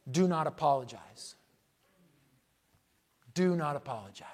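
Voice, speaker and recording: A male pastor preaching a sermon, emphatic and repetitive, asking rhetorical questions and swinging from loud declarations to hushed asides. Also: a little high, lively intonation, unhurried.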